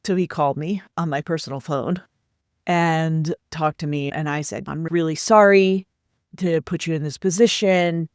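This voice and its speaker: A woman's voice: deep voice, normal speed, no room sound, studio quality. A woman career coach candidly recounting a personal workplace story, acting out the quoted dialogue as she goes.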